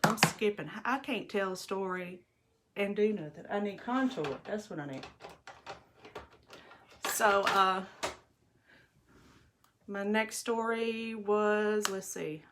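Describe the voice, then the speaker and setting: Slowly, with long pauses and background noise behind her, a middle-aged woman with a mid-range voice tells rambling, chatty stories. She's a livestream host doing her makeup in the bathroom at home while talking to viewers.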